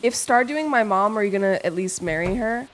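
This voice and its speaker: A woman's voice: medium pitch, animated, a little fast, slight background noise. A young woman streamer chatting casually with her chat, playful and rambling, swearing freely and reading messages aloud.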